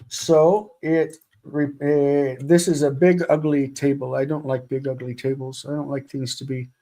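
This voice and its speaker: A man teaching a live-streamed grammar lesson, speaking deliberately and repeating words for students to drill. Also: medium pitch, warm tone. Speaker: Hebrew teacher.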